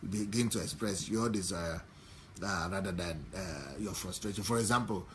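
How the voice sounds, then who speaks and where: A man's voice: deep voice, moderate pace, a bit bright, slight background noise. A man giving marriage advice to wives in an earnest, instructive talk, often repeating and rephrasing his points between fillers.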